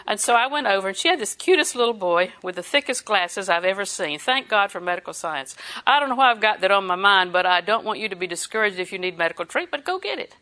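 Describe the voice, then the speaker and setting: A woman's voice: medium pitch, sharp tone. An older woman preaching a sermon in a folksy, chatty way, laughing often.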